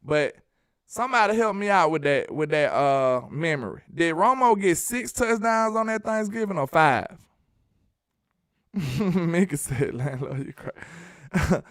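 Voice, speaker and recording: A man's voice: on the high side, measured pace, no echo, studio quality. Man hyping sports on a live stream. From Alabama. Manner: animated, joking, sing-song hype. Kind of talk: live-stream sports chat reading super chats.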